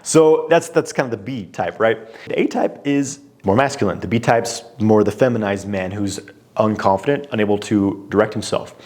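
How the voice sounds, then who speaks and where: A man's voice: on the low side, moderate pace, darkish tone. A man speaking as a relationship coach, talking straight to the viewer in a direct, conversational way, posing pointed questions and using frequent fillers. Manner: poses pointed questions to the listener. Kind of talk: direct-to-camera coaching talk.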